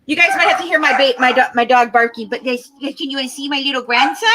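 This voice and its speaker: Middle-aged woman, high voice, chatty live-stream host, easily sidetracked, noisy home with dogs barking. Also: fast talker, few pauses. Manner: chatty, easily distracted, apologetic. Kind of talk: casual live-stream chat.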